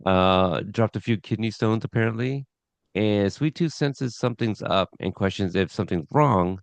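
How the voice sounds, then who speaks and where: A man's voice: on the low side, normal speed, creaky, no echo. A man hosting a casual podcast, recapping an episode from his notes in a rambling way with chuckles. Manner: rambling, chuckling, reads scene notes aloud.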